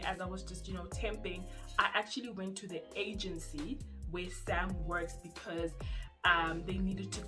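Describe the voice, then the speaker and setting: A young woman from South Africa with a South African accent, telling her story in a casual, animated vlog. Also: mid-range voice. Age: young adult. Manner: chatty and animated, acts out quoted voices. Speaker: YouTuber. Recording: music playing underneath.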